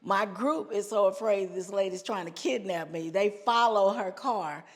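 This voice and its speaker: A woman guest on a podcast tells personal stories with animated energy and frequent laughter. Her voice sits at a middle pitch. A long hall reverb hangs behind her voice. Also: normal speed. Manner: animated storyteller, laughs often, says "y'all". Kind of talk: personal storytelling.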